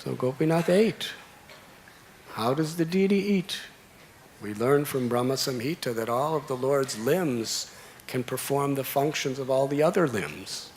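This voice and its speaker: A man's voice: medium pitch, a little slow, a little hiss or hum. A monk in his sixties telling a devotional story in a temple sermon, fond of repeated lists. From United States. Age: 60s. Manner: storytelling with repeated, listed phrases. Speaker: monk giving a discourse.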